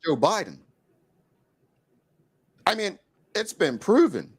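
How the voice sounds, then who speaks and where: A man's voice: sits high, huge pitch swings, slow pace, breathy edge. A Bermudian man hosting a talk show, speaking in an emphatic, opinionated, casual way from a studio.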